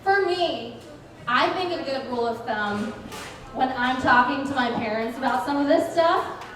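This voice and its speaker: A woman with a high, expressive, slightly bright voice performs a stand-up set at a bar event venue, speaking at normal speed. Her delivery is dry, sardonic and ironic, and the mic picks her up from far off in an echoey room.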